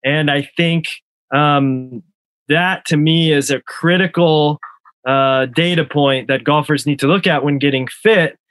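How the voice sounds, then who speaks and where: Man, podcast host, slightly high voice, dry sound, thoughtful, asks questions. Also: steady tone, a little slow, a bit bright, no room sound. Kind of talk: casual podcast discussion.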